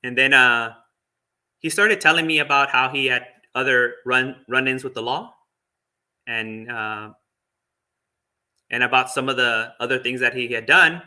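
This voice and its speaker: Bright-voiced man, a monk telling a story. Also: mid-range voice, fairly even intonation, unhurried, long pauses. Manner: chatty, full of fillers and little laughs. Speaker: Buddhist monk. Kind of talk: casual storytelling talk.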